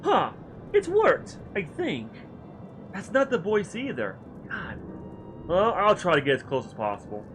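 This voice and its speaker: A man streaming a video game, chatting in an animated, rambling, self-deprecating way. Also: high voice, a little slow, faint music behind. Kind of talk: casual chat while livestreaming a game.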